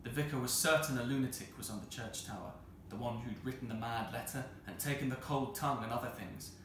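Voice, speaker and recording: A man reading a children's novel aloud as a storyteller, expressive and measured. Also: mid-range voice. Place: arts centre hall. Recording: roomy hall with faint noise.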